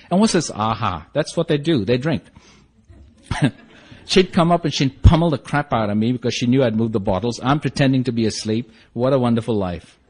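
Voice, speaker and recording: A man tells his own story to a group in a wry, self-mocking way, slipping into the voices of the people he describes. His voice sits at an ordinary middle pitch. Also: darkish tone. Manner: acts out quoted dialogue. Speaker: speaker sharing his story at a support meeting.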